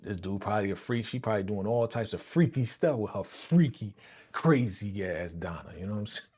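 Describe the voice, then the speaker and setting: A man hosting a reaction video breaks down an episode in a casual, slangy chat with viewers, chuckling often and repeating himself. His voice is on the low side, expressive and a little fast, slightly mellow and husky.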